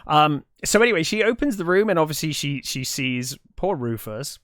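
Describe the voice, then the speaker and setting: A man on a film podcast recaps scenes in a relaxed, rambling way, full of fillers and restarts. His voice sits a little high for a man. It comes through dry, with no room sound. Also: moderate pace, no room sound. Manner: relaxed, lots of ums and restarts while retelling scenes. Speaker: podcast co-host. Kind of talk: casual film chat.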